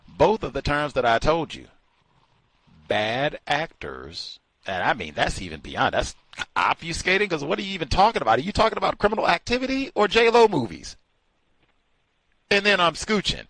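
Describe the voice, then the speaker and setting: A man's voice: fairly high pitch, fairly bright tone, no echo, low-quality recording. A man hosting a call-in talk show, delivering sardonic, emphatic commentary.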